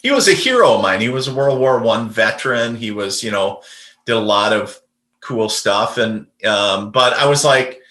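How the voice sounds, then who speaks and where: Bright-voiced man telling a story. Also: medium pitch, expressive, moderate pace, roomy sound. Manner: rambling, many fillers and restarts. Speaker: podcast guest, medium. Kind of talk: casual storytelling.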